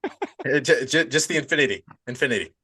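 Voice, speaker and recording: A man's voice: mid-range voice, lively intonation, brisk, bright, forceful tone, slightly rough, no echo. A man hosting a horror movie podcast in loose, casual chat, swearing freely and joking around. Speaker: podcast host.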